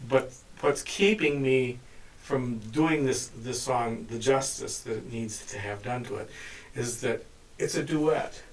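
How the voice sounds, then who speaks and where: A man talking as a guest songwriter in a music studio, hesitant and halting, with many restarts. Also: medium pitch. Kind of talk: casual studio chat. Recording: distant mic with guitar playing behind. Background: guitar.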